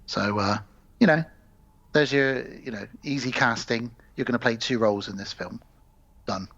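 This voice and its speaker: A man's voice: medium pitch, moderate pace, creaky, a bit bright, dull audio. Sweary man retelling a film plot. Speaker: podcast co-host. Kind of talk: casual film-review chat.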